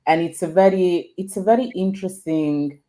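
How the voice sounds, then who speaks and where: A woman with a low-pitched voice hosts a casual online conversation. English is not her first language, and she talks in a reflective, friendly way with frequent laughs. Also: moderate pace, dark tone. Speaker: host. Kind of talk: casual interview chat.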